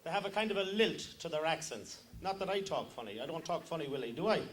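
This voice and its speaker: A man's voice: on the high side, expressive, fast, fairly bright tone. A man with an Irish accent telling jokes at a luncheon in a teasing, chatty, self-mocking way. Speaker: joke teller at a luncheon. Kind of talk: stand-up joke telling. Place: luncheon room. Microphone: handheld microphone.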